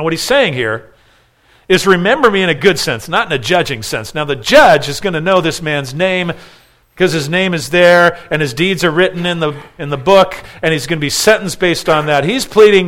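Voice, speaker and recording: Earnest preacher with a raised pitch. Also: male voice, lively intonation, normal speed. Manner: earnest and emphatic, swinging between loud stresses and hushed pleading; stacks short repeated phrases for emphasis. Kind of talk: expository sermon.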